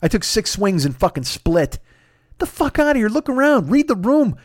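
A man's voice: high voice, very animated, moderate pace, no echo, clean studio sound. A man hosting his own podcast, ranting in a profane, sarcastic solo comedic monologue. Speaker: podcast host.

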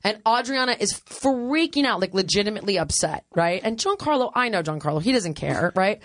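Brief: woman podcast host, lively storyteller who laughs a lot, dry close mic. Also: medium pitch, brisk, no echo. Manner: animated, laughs often, acts out others' lines. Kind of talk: casual storytelling chat.

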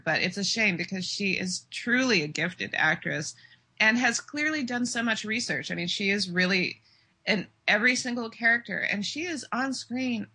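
Bright, husky-voiced chatty woman. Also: mid-range voice, normal speed. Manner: chatty, emphatic, laughs often. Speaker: podcast co-host and TV blogger. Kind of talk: casual TV review chat.

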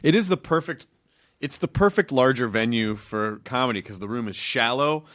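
A man hosting a podcast in casual chat, chatty and quick to laugh. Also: medium pitch, expressive, fairly bright tone, no room sound. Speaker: podcast host.

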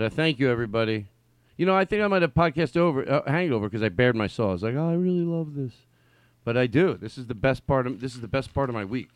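A middle-aged man hosting a comedy podcast from a studio mic, rambling and excitable. He jumps between loud outbursts and soft asides. The sound is close and dry. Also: mid-range voice, no echo. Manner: rambling, excitable, swings from yelling to quiet. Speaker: podcast host. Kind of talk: loose comedic podcast talk.

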